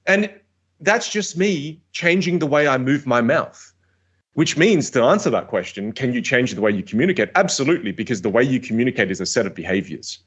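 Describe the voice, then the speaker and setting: An energetic man explains how to improve your voice, talking in a lively, emphatic way and repeating words for stress. His voice sits in an ordinary middle pitch. It sounds like an interview answer given over a remote call. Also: brisk, slightly rough. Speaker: communication coach.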